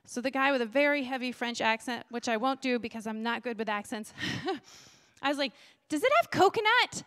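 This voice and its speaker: A woman's voice: on the high side, steady tone, brisk, a bit bright, smooth. A woman pastor preaching a sermon in a chatty, bubbly way, laughing often and asking the congregation questions. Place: church sanctuary.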